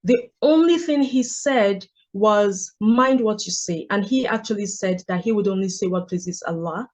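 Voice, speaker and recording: A woman's voice: mid-range voice, darkish tone. Reflective woman. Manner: measured, reflective storytelling. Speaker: author and guest. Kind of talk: book club discussion.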